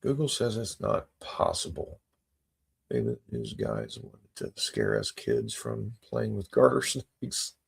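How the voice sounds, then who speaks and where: A man with a very gravelly, husky voice chats casually on a livestream. He talks slowly, in a laid-back, wry way, and chuckles often. His voice sits a little low. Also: wildly swooping pitch. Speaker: livestream host reading chat. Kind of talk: casual chat.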